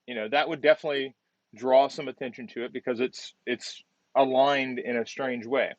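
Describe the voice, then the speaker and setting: A male design instructor giving relaxed feedback on a student's project while demonstrating on screen, often repeating words as he works. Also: mid-range voice, moderate pace, no room sound, lo-fi sound.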